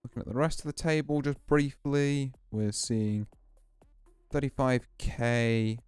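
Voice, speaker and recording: Male streamer, smooth clear voice, dry close sound, faint music underneath; relaxed, thinking out loud over poker hands. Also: medium pitch, a little slow, no room sound. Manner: relaxed, musing, explains hands as he plays. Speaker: VTuber streamer. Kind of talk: casual poker play commentary.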